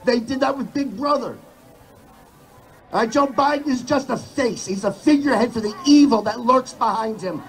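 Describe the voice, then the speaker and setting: A man's voice: very high voice, moderate pace, a bit bright, slight background noise, low-quality recording. A man speaking at a rally, building his points through repetition. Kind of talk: rally speech. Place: outdoor rally.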